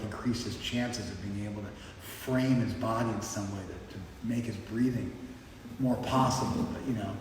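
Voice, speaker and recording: A man giving an informal class lecture in a conversational, explanatory way, often checking in with his listeners. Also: lowish voice. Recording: echoey hall, mic far off, faint background noise.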